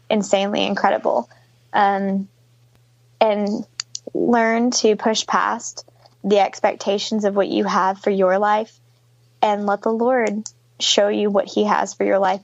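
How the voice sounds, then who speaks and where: A woman's voice: medium pitch, no echo, dull audio. A woman in her twenties, a podcast guest, talking casually over a video call and telling stories with lots of fillers. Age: 20s. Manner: chatty, storytelling with many fillers. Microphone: video call microphone.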